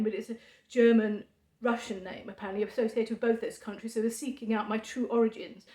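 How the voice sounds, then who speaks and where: Woman vlogging, kinda high voice, deadpan sarcastic, lots of ums, roomy echo. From United Kingdom. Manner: dry sarcasm, halting with many fillers. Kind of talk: ironic monologue to camera. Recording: echoey room.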